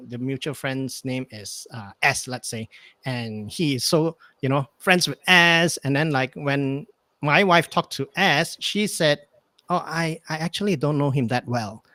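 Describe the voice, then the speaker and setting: Man, guest; bright, dry-sounding voice, hesitant storyteller who acts out the dialogue. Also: mid-range voice, unhurried, dry recording. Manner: rambling, hesitant, many fillers, acts out dialogue. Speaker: podcast guest. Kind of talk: casual storytelling chat.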